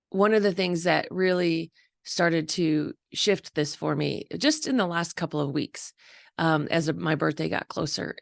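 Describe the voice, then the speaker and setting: A woman's voice: on the low side, creaky, fairly bright tone, dry recording, studio quality. A woman around fifty hosting a candid personal monologue, chatty and open, often laughing and quoting her own thoughts, over a video call. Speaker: host.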